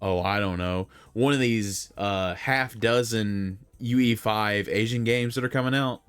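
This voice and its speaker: A man's voice: on the low side, unhurried, a bit bright, clear, resonant tone, faint music behind. A young man rambling through casual opinions on video games, full of fillers and self-corrections. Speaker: gaming commentator.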